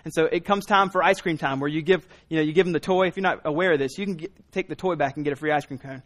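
A man's voice: fairly high pitch, fast, fairly bright tone. A man in his thirties preaching a sermon, telling a family story in a loose, conversational way with frequent restarts. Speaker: pastor.

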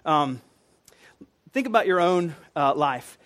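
A man's voice: on the high side, expressive, slow pace, a bit bright. A man preaching a sermon in a conversational, earnest way, with casual asides and fillers.

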